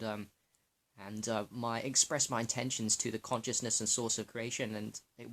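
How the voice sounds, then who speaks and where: A man's voice: fairly low pitch, fairly bright tone. A young man talking to camera in a loose, rambling way, swearing freely and often restarting his sentences. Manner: loose, profane and rambling, with many restarts and fillers. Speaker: health vlogger. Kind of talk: casual rambling monologue to camera.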